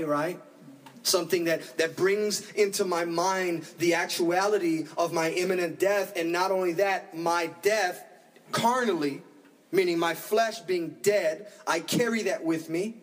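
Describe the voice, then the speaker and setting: A man preaching a sermon as pastor, animated, acting out the voices of his congregation. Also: high-pitched, a little slow, distant mic, poor audio.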